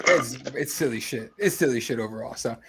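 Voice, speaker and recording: A man's voice: mid-range voice, expressive, brisk, a bit bright, husky. A man co-hosting a podcast, talking in laid-back, slangy casual chat. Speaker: podcast co-host.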